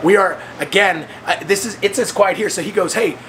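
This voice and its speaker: A high, bright man's voice, animated and storytelling, acting out the quoted voices with big leaps in pitch. He speaks casually as a host, over a faint hiss of background noise. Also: brisk. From United States. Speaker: host of the fitness training program.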